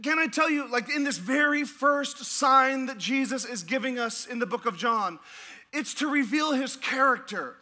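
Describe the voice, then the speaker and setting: High, bright-voiced preacher, animated and laughing. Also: male voice, moderate pace. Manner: animated, laughing, playful asides. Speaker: pastor. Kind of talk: sermon. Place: church.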